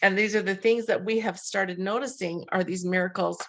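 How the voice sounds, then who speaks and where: A woman's voice: mid-range voice, steady tone, moderate pace, a bit bright. A middle-aged woman from the western United States hosting a webinar, telling a personal story in an earnest, heartfelt way with many restarts. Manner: earnest, heartfelt, with frequent restarts and quoted dialogue. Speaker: webinar host.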